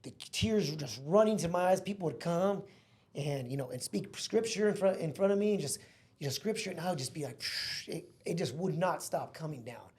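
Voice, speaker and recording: A man's voice: fairly high pitch, lively intonation, brisk, a little mellow. A man in his thirties, a podcast guest, telling a heartfelt personal story in an earnest, casual way. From Mexico. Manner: earnest, heartfelt, calls listener bro and man.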